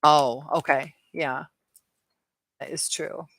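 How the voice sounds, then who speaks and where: Tired woman with a gravelly edge. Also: low-pitched, steady tone, takes it slowly, a bit bright, no echo. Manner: hesitant, many fillers and restarts. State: tired and dizzy. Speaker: host of a live chat Q&A. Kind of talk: live-stream chat, reading viewer comments aloud.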